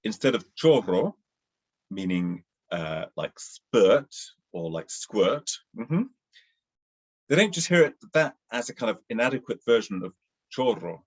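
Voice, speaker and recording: Lively in intonation but measured in pace, a man with a low voice and a Southern English accent co-hosts a loose, meandering podcast conversation with frequent fillers. The recording has its highs cut off.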